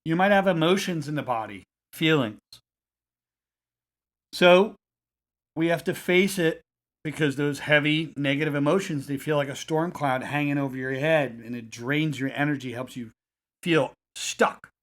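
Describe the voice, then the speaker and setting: Calm coaching man, slightly high voice. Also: measured pace. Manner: calm, repetitive, coaching cadence. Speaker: self-help coach. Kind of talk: guided self-help instruction.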